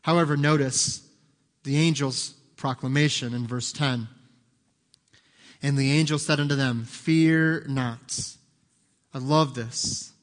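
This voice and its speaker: A man preaching a sermon as pastor, emphatic, swinging from soft, quiet asides to loud, high climaxes. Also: fairly even intonation, unhurried, long pauses, long reverb tail.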